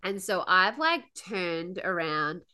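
A woman co-hosting a podcast, telling travel stories in a lively, laughing way. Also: on the low side, slow pace. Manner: animated, laughs often while telling stories. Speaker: podcast co-host. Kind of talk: casual storytelling chat.

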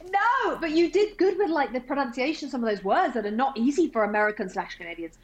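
A woman's voice: sits high, lively intonation, fast talker, dull audio, a little hiss or hum. An English woman chatting as a guest, bubbly and laughing often. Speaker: guest, sports TV presenter. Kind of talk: casual chat.

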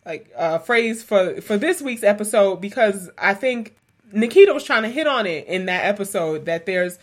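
Woman podcast host, chatty, lots of ums, mid pitch. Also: animated, moderate pace. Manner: chatty, laughs often, lots of fillers. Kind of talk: casual conversational podcast.

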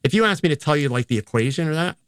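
An older photographer and educator tells stories in an interview, casual, rambling and self-deprecating. His voice is fairly high and animated, and he talks very fast.

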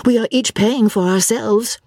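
A woman's voice: a little high, unhurried, a little mellow, dry recording, clean studio sound, pitched above the performer's own voice. A woman voicing an earnest, impulsive young English woman in a dramatic reading of a classic novel, with an eager, stammering manner. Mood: exasperated.

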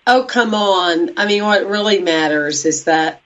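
Emphatic low-voiced woman host. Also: measured pace, fairly bright tone, dull audio. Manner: emphatic, opinionated, hesitant restarts. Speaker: interview host. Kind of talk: interview chat.

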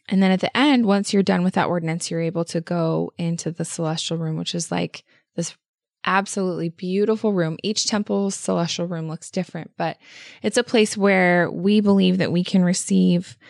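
A woman's voice: on the low side, vocal fry, no room sound, clean studio sound. A woman co-hosting a podcast, telling a personal story in an earnest, enthusiastic way with lots of casual fillers. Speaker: podcast co-host.

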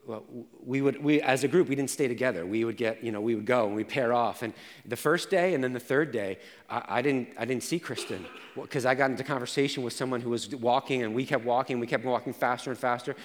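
Pastor preaching in a reverberant hall. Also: male voice, medium pitch, brisk. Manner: personal storytelling with swings from quiet to intense. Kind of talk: sermon.

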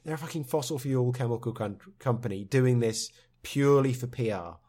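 A man's voice: mid-range voice, fairly quick, dark tone. A man co-hosting a podcast, sarcastic and swearing freely in casual banter. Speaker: podcast co-host.

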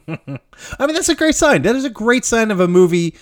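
A man's voice: extremely high pitch, big pitch swings, brisk, no room sound, clean studio sound. A man co-hosting a podcast, recapping a film in casual, rambling chat, swearing freely and laughing often. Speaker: podcast co-host.

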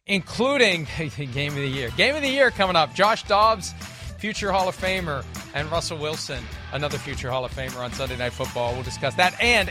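A man hosting a football podcast, talkative and wry, correcting himself as he breaks down games. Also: on the high side. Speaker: podcast host. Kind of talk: casual sports podcast analysis.

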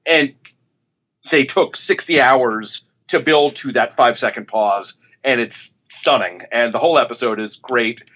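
A man's voice: medium pitch, fairly bright tone, highs cut off. A man, a television critic and author, telling a story as an interview guest, rambling and often restarting his sentences. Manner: rambling, with frequent restarts and self-corrections.

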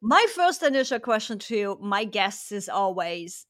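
A woman's voice: mid-range voice, sing-song, measured pace, hardly any pauses, fairly bright tone, dry recording, clean studio sound. A woman hosting a business podcast, chatty and bubbly, laughing at her own slips. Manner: bubbly, laughing, self-deprecating. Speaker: podcast host. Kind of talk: casual interview chat.

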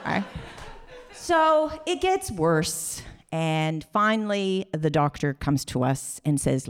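A middle-aged woman, telling a personal story on stage, animated and acting out voices, restarting sentences as she goes. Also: low-pitched, takes it slowly, clean tone.

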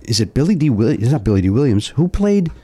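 A man's voice: mid-range voice, sing-song, quick pace, mellow, husky. A middle-aged man, a comedian and co-host, chatting casually and telling rambling stories that trail off and restart. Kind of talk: casual chat.

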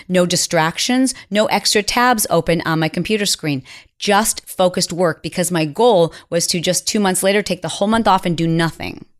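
A middle-aged woman hosting a podcast, telling a personal story in an earnest, confiding way that sometimes drops to a near whisper. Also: on the low side. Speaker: podcast host.

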